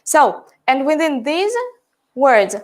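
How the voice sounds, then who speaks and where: Here a middle-aged English teacher takes her time, her high voice animated as she walks through how she teaches pronunciation. Along the way she often asks "yeah?" and "right?" to check in.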